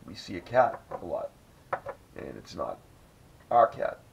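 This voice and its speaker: A man's voice: sits low, very animated, a little slow, creaky. A man hosting a casual podcast, telling a rambling, profanity-laced story. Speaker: podcast host. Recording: dull lo-fi audio with faint noise.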